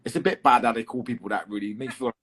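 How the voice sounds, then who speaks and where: A man's voice: medium pitch, rapid-fire, a bit bright. A man with a London accent chatting in an interview as a guest fighter, swearing casually and filling with "um" and restarts. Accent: English, London.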